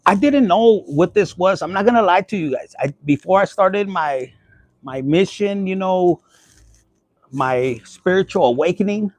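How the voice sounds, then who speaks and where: A young man with a fairly high voice gives a relaxed, profane tarot reading. He drops Spanish words into his chatter. The sound is close and dry, with little room in it. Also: measured pace, dry recording. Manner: profane, blunt and chatty, mixing in Spanish phrases. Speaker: tarot reader. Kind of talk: casual tarot reading vlog.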